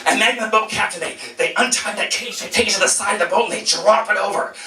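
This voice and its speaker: A man telling a funny personal story to an audience, animated and self-mocking, acting out voices and sounds, in a roomy echoing space. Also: high voice, fast talker, soft background music.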